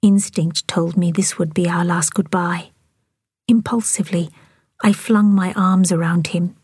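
A woman author reading her own novel aloud in a soft, even whisper. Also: fairly low pitch, a little slow, no room sound, studio quality. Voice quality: breathy. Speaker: author and audiobook reader. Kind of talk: whispered audiobook narration.

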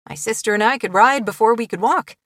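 A woman's voice: fairly high pitch, brisk, fairly bright tone, no echo, voice pushed up, close to an everyday voice. Brief: woman narrator voicing a grown man on the phone, clipped and defensive, dry close sound. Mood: easygoing.

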